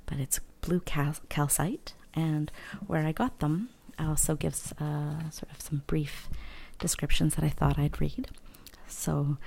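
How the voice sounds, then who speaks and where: Woman, soft-spoken ASMR host; low, mellow, gravelly, half-whispered and unhurried, close-miked. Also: steady tone. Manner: whispered and hushed, slow and gentle; thinks aloud with hesitant fillers. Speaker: vlogger.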